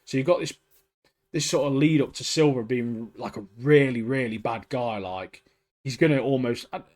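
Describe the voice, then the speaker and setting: A man's voice: medium pitch, normal speed, a little mellow. Chatty man saying "mate" constantly. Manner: enthusiastic, peppers talk with "mate" and "like". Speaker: podcast co-host. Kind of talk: casual chat.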